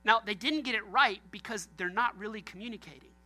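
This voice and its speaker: Bright-voiced joking pastor. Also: male voice, high voice, fairly quick. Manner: joking, talks straight to the congregation. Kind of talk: sermon.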